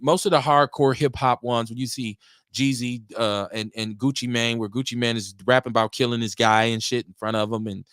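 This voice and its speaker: This Milwaukee-born podcast host, a middle-aged man, chats at length in a casual solo show, wandering loosely between subjects. He talks a little fast in a smooth voice of average pitch that frequently jumps up as he gets excited. The recording is close and dry, without any echo.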